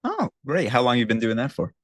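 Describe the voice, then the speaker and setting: A man's voice: mid-range voice, huge pitch swings, fairly quick, no echo, clean studio sound. A man hosting a podcast, asking short casual questions and laughing along. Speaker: podcast host, interviewer.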